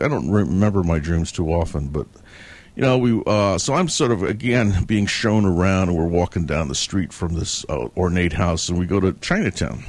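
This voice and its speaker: Guy with a real low voice going on about a dream, lots of ums and uhs. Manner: rambling, halting, many fillers and restarts; chuckles between sentences. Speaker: dream teller. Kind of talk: casual spoken recollection.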